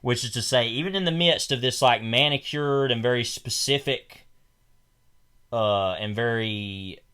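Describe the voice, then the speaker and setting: A man's voice: mid-range voice, measured pace, bright, forceful tone, clear, resonant tone. A young man talking films in a loose, rambling podcast chat. His voice sits in an ordinary middle register. He circles his point with fillers and restarts. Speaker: podcast co-host. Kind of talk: casual film discussion.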